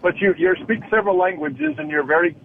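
A man's voice: high-pitched, lively intonation, fast talker, creaky. A man calling in to a radio show with a question, curious and insistent, chuckling now and then. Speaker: caller. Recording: tinny phone line with faint noise.

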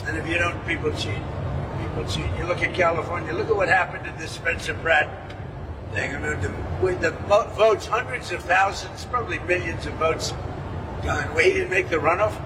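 A man's voice: fairly high pitch, moderate pace. A man making rambling, repetitive off-the-cuff remarks as a politician. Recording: distant mic with vehicle noise.

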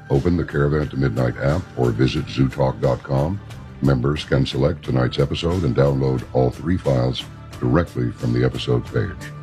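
A man's voice: very deep voice, warm tone. A man hosting a talk radio show, reading an article aloud and adding wry asides.

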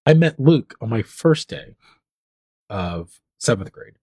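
A man's voice: medium pitch, takes it slowly, breathy edge, dry recording. 40s guy, jokey storyteller with friends, bouncy up-and-down voice, dry close sound. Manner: animated, jokey, tells stories. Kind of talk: casual chat.

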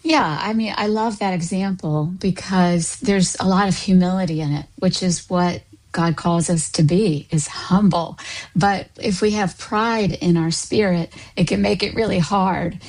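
A woman counselor and coach gives conversational advice in a somewhat low voice. She speaks thoughtfully and often draws on faith language. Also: a little slow, a little mellow, rough recording.

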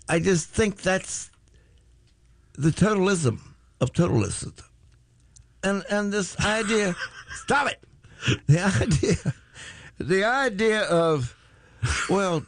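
A man's voice: high-pitched, creaky, a bit bright, dry recording. A man hosting talk radio, rambling and joking with many stammered restarts. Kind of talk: excitable talk radio banter.

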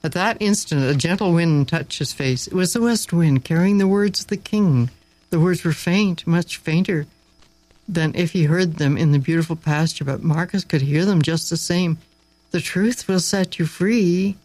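A man narrating a story aloud, expressive and dramatic, with slow pauses for effect. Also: on the high side, no room sound, rough recording.

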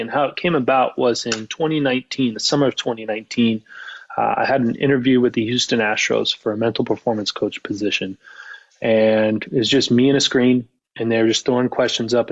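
A man who is a mental performance coach and author, talking calmly and reflectively in a casual podcast conversation. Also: mid-range voice, muffled recording.

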